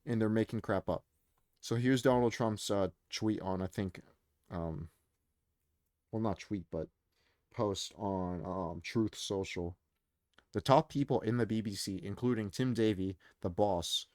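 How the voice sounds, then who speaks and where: A man's voice: fairly low pitch, no room sound, clean studio sound. A man giving casual, rambling commentary as he reads social media posts aloud, with plenty of fillers. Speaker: commentary streamer.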